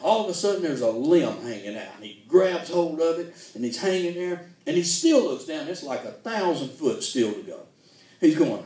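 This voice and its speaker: A man's voice: on the high side, big pitch swings, fairly quick, mellow. A man telling folksy jokes in a stand-up style, laughing at his own punchlines. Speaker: comedian. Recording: echoey room, distant mic.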